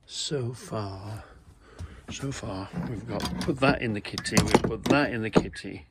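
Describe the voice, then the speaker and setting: A man's voice: on the low side, a little slow, very noisy. A man vlogging in a shop, chatting casually and trailing off into muttering and whispers as he looks over items. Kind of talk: casual chat while browsing. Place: indoor shop.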